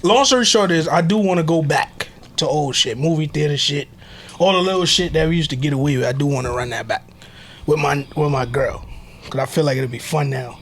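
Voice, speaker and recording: A man's voice: on the high side, brisk, breathy edge. A man co-hosting a podcast, telling wild stories in loose slang and laughing often. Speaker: podcast co-host. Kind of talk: casual chat, storytelling.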